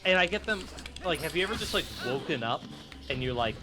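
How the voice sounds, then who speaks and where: A man's voice: fairly high pitch, animated, a little fast. Chatty man over game music. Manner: rambling, chatty storytelling with many fillers. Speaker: podcast co-host. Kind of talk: casual chat.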